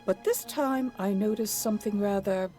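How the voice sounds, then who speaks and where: An actress voicing a guarded, formal flower shop owner in a game, speaking in a wary, clipped way. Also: female voice, mid-range voice, normal speed, warm tone, faint music behind, close to an everyday voice. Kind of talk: voiced game dialogue.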